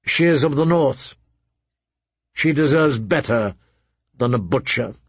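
A male narrator plays a grave, honorable lord, earnest and firm. His husky voice moves slowly, and the close recording is dry. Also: mid-range voice, expressive, no echo, heavily acted. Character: grave, honorable man, a father.

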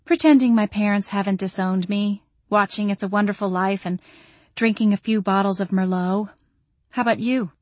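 A woman's voice: mid-range voice, steady tone, normal speed, no echo, lightly acted. Give me a woman playing a prim, dry-witted friend in a storybook. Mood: wry.

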